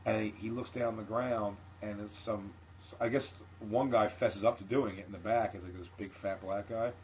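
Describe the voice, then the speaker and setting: A man's voice: on the low side, moderate pace, slight background noise, low-quality recording. A male comedian telling a profane story on a podcast, acting out the people in it. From Philadelphia area. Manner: animated, profane anecdote with acted-out quotes. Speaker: comedian guest.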